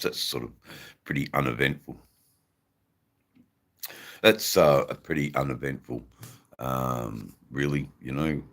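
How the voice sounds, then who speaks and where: A man hosts a live stream and chats loosely with his viewers. His voice sits very deep, and he talks slowly, trailing off and restarting often. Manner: rambling, halting, many ums and restarts.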